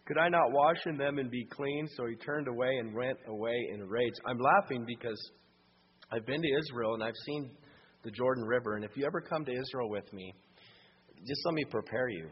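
A man's voice: mid-range voice, fairly quick. Preacher man in an echoing hall. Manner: dramatic, swings from loud emphasis to hushed. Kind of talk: sermon with scripture reading. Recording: dull sound with long hall reverb and faint hum.

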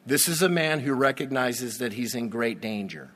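A man preaching a sermon, slow and emphatic, with dramatic pauses and sudden swells in volume. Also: mid-range voice, expressive, a bit bright. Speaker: pastor.

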